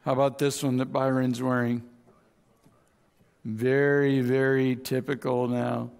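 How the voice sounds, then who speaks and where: A man's voice: medium pitch, flat delivery, a little slow, creaky, long pauses, darkish tone, long reverb tail. A man preaching a sermon as pastor, speaking conversationally and acting out both sides of arguments. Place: large church auditorium.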